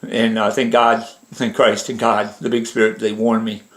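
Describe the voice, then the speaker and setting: A man's voice: on the low side, flat delivery, normal speed, a bit bright. A man talking in a rambling, repetitive monologue, pointing out details in pictures as he goes. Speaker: vlogger interpreting images. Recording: roomy echo.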